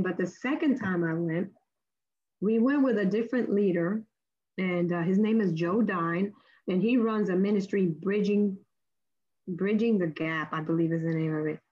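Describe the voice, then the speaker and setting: A woman telling a faith testimony as a lively story, acting out the voices of the people in it with big jumps in pitch. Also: breathy edge, lo-fi sound. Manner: acts out quoted speech with big pitch jumps. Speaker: guest sharing a testimony. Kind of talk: animated storytelling.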